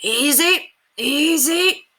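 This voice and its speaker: A woman voicing an old male coachman in a storybook, drawling as he calms the horses. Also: high voice, very slow, voice pushed up, heavily acted. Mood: urgent. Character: gruff old male coachman, steady and urgent.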